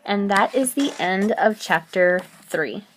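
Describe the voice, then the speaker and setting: A woman's voice: medium pitch, animated, slow pace. A woman with an American accent narrating a story, then thanking viewers in an earnest, friendly way. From United States. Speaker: amateur reader and video maker. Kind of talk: storybook narration and casual sign-off.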